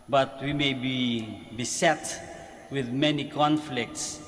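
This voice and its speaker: Filipino priest preaching in a reverberant basilica. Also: male voice, mid-range voice, fairly even intonation, slow, a bit bright. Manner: conversational preaching with rhetorical questions. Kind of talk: homily at morning Mass. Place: large church basilica. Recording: long church reverb with faint noise.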